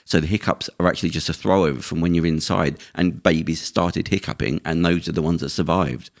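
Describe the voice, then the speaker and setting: A man's voice: low voice, fairly even intonation, a little fast, vocal fry. A man hosting a podcast, rambling through explanations with many restarts in casual chat. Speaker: podcast host.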